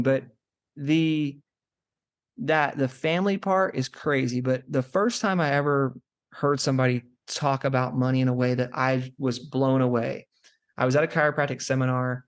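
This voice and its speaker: A man's voice: mid-range voice, steady tone, a little fast. A young man who is a chiropractor, a guest on a podcast, talking casually and rambling through stories with lots of "like" fillers. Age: young adult. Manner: rambling storyteller, many "like" fillers. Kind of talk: casual interview chat.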